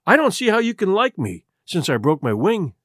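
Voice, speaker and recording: A man's voice: high-pitched, wildly swooping pitch, moderate pace, fairly bright tone, slightly rough, no echo, studio quality, heavily acted. A man voicing a brave but modest male moth with a crooked feeler, speaking earnestly. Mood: humble.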